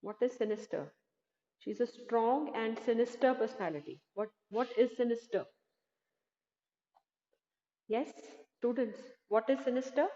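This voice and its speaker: A woman's voice: fairly high pitch, unhurried, pauses often, warm tone. A woman teacher explaining a play line by line in an online class, asking her students questions, over dull, roomy computer-mic audio. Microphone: computer mic in video class.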